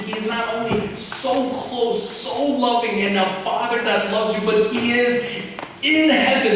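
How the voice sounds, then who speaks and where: A man preaching a sermon as pastor, passionate and swinging between loud and hushed. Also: sits high. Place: church sanctuary. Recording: echoey hall from far off, faint noise.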